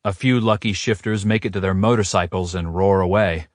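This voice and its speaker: Low-voiced male audiobook narrator. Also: brisk, no echo, clean studio sound. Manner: steady first-person storytelling. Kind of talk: scripted romance audiobook narration.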